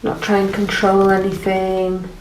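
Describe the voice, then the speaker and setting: A woman gently guiding an art lesson while she paints, encouraging and thinking aloud. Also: mid-range voice, monotone, measured pace. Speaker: art teacher. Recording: roomy, from off the mic, faint noise.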